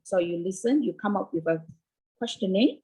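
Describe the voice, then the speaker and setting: Malaysian-accented woman in her 50s, husky, middle pitch, chatty teacher answering on a video call. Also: animated, normal speed, warm tone, poor audio. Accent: Malaysian English. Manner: repetitive, checks in with "okay". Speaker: English teacher. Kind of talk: casual interview answers.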